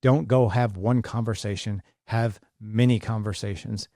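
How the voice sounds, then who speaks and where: A man's voice: lowish voice, steady tone, measured pace, mellow, dry recording, clean studio sound. A man in his fifties hosting a solo podcast, speaking with urgency and passion and repeating key points for emphasis. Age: 50s. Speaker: podcast host.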